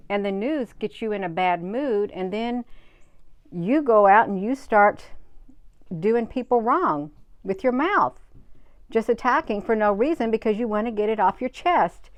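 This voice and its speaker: Smooth-voiced woman chatting on a livestream. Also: mid-range voice, animated, measured pace, no echo. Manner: emphatic, repeats her points in short bursts. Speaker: livestream host. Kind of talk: casual live-stream chat, reading viewer comments.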